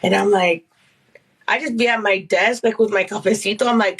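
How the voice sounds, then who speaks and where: A young woman chatting as a guest, expressive and gossipy with big reactions. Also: a little high, moderate pace. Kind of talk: casual chat.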